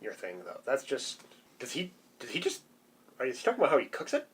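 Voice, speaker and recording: A man's voice: medium pitch, wildly swooping pitch, brisk, fairly bright tone, a little hiss or hum. A man co-hosting a podcast, who is pedantic and likes to correct the others. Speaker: podcast co-host. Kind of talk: casual podcast chat.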